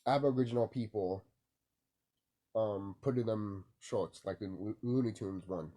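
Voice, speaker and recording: A man's voice: fairly low pitch, a little slow, mellow. A young man vlogging from home in the early morning, sleepy and rambling, swearing casually and leaning on fillers. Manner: loose, rambling, lots of fillers and profanity.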